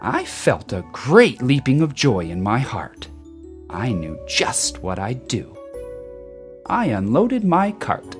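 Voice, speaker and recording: Read-aloud narrator: woman, low voice, hugely swooping delivery, soft music underneath. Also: slow. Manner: expressive, rhyming storytelling. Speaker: storybook reader. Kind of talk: children's book read-aloud. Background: soft background music.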